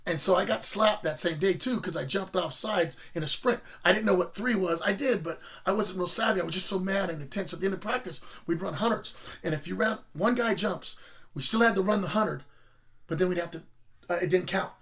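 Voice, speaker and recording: A man's voice: high-pitched, brisk, a bit bright. A middle-aged man casually telling rambling, profane stories about his school football days. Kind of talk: casual storytelling.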